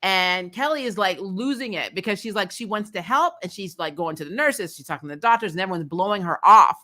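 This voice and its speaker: A woman talks through a TV episode in a loose, chatty way, full of fillers and quick laughs. Her voice is bright and a little tense, and she sounds openly exasperated and opinionated as she goes. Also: mid-range voice, lively intonation. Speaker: host. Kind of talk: casual TV episode recap.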